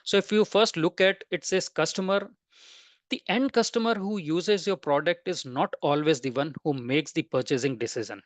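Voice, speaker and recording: A man's voice: on the high side, moderate pace, dry recording. A man presenting a webinar lecture, explaining step by step and listing terms one after another.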